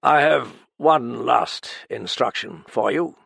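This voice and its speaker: A proud, aloof older gentleman from an audiobook mystery, clipped and formal, voiced by a man. His harsh tone sits low and gravelly, recorded close and dry with no room around it. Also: expressive, moderate pace, dry recording, exaggerated voice. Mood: cold, steady. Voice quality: harsh, stiff.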